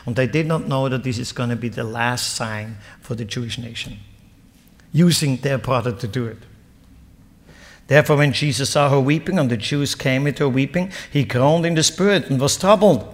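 A man preaching a sermon, reading scripture aloud and explaining it, rising to loud emphatic peaks and dropping to low asides. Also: moderate pace, in a large hall.

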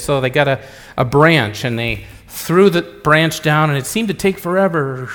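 A man's voice: mid-range voice, normal speed, a bit bright. A middle-aged man preaching, a pastor telling jokes in a rambling, chatty way that keeps interrupting itself. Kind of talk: sermon with jokes. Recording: echoey church hall.

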